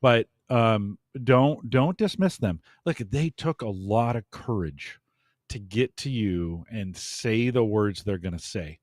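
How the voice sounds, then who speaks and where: Low-voiced man giving earnest advice. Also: expressive, slow pace, darkish tone, no echo, clean studio sound. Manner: earnest, coaching tone. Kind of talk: casual conversation, giving advice.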